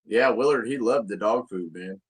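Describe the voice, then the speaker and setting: A man's voice: fairly low pitch, normal speed, slightly rough. A man, co-hosting a casual podcast chat, crude and boastful, often laughing at his own jokes. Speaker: podcast co-host.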